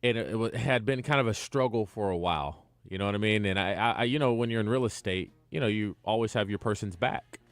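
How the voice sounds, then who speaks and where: Lower-voiced male radio co-host. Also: fast talker, few pauses, no room sound. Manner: animated storyteller who laughs at himself. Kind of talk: casual radio storytelling.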